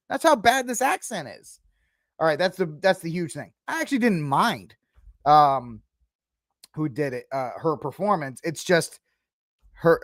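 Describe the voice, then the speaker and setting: A man's voice: high-pitched, dry recording, studio quality. A man hosting a podcast, talking casually and rambling through opinions, mocking and exasperated at times. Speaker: podcast host. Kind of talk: casual commentary.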